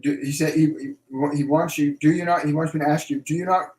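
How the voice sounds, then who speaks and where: Male medium hosting a livestream Q&A, slightly higher voice, echoey room. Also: steady tone, a little mellow. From Canada. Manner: repeats phrases, slow and emphatic when relaying messages. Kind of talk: live stream Q&A, relaying messages.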